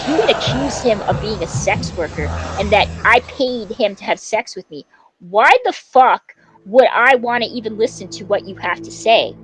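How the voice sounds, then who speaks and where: A woman's voice: mid-range voice, rough recording. A woman livestreamer ranting angrily at a rival. She swears often and stumbles through fillers and restarts. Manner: heated, profane, with many fillers and restarts. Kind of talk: angry livestream rant at a rival.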